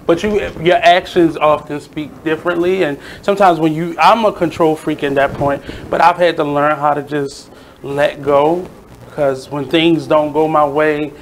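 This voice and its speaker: A man's voice: fairly high pitch, steady tone, moderate pace, a little hiss or hum, poor audio. A man hosting a radio show, chatting casually and giving reflective advice to his guest. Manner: reflective, advice-giving, frequent "mm-hmm" backchannels. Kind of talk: casual interview chat.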